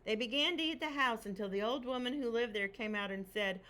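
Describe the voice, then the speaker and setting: A woman teacher reading a picture book aloud to children, expressive and asking them questions. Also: a little high, fairly quick, hardly any pauses.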